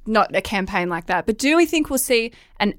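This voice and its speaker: Female panelist, smooth voice, dry close mic. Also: mid-range voice, lively intonation, fairly quick, no echo. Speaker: podcast panelist. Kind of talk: casual political chat.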